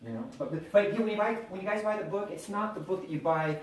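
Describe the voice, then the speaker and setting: A middle-aged man giving an animated, chatty motivational talk to a live audience, acting out bits of dialogue. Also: sits high, fast talker. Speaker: motivational speaker. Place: event hall with audience. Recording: echoey room, voice from a distance.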